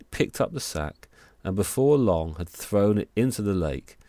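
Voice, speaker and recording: A man narrating a folk tale in a measured storytelling manner. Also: deep voice, mellow, no room sound.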